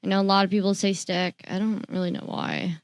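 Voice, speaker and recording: A woman's voice: medium pitch, a little fast, gravelly, no echo. A young woman co-hosting a podcast, telling stories in casual chat with lots of fillers and restarts. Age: young adult. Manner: chatty storyteller, animated, lots of fillers and restarts. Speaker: podcast co-host.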